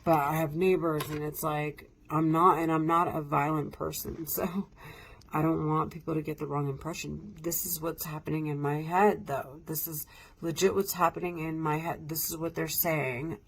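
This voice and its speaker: A woman's voice: deep voice, slight background noise. A woman vlogging from home, talking in an agitated, rambling way with frequent swearing. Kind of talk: casual monologue to camera.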